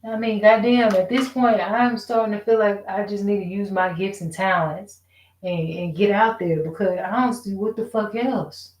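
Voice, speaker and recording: A woman vents in a loose, rambling monologue, swearing freely and firing off frustrated rhetorical questions. Her voice sits at a middle pitch and bounces around a reverberant room. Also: steady tone, normal speed, darkish tone. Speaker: vlogger. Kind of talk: casual rant to camera. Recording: echoey room.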